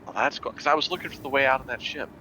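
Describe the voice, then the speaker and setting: A man's voice: medium pitch, rapid-fire, sharp tone. A man from Indiana chatting and telling stories while playing a game with a friend over voice chat. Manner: chatty storyteller, gravelly. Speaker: guest player. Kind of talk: casual gaming chat. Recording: dull lo-fi voice chat.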